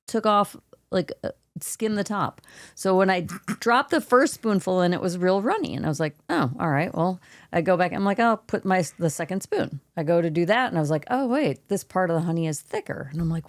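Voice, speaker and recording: A woman's voice: on the low side, no echo, clean studio sound. A woman co-hosting a podcast, telling a story in casual chat, explaining each step in detail. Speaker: podcast co-host.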